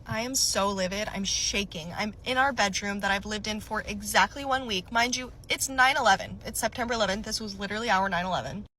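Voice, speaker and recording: Bright-voiced young woman telling a story. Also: medium pitch, fairly quick, hardly any pauses, a little hiss or hum, low-quality recording. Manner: animated, chatty, lots of "like" fillers. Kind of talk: storytime vlog, casual recounting.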